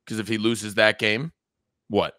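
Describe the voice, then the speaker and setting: Low-voiced American guy, dry close sound. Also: level tone, unhurried, pushed and bright, dry recording. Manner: joking, emphatic repetition. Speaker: podcast co-host. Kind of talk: casual sports chat.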